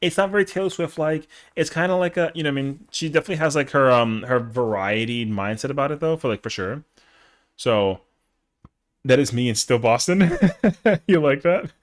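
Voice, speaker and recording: A man's voice: mid-range voice, animated, fairly quick. A young man chatting casually on a live stream, rambling in slang with lots of fillers.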